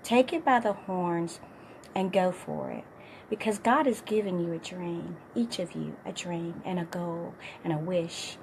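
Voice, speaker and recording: Hoarse woman giving an upbeat fitness pep talk. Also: lowish voice, big pitch swings, a little slow, darkish tone, a little hiss or hum. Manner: upbeat, encouraging, addresses viewers by name. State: hoarse, voice partly lost. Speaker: fitness coach. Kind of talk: motivational talk to viewers.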